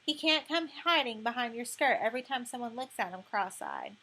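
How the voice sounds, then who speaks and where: Streetwise bossy girl, blunt and slangy, slightly high voice, read by a woman narrator. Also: lively intonation, a little fast, pushed and bright, full character voice. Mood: brash, bossy. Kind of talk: audiobook reading.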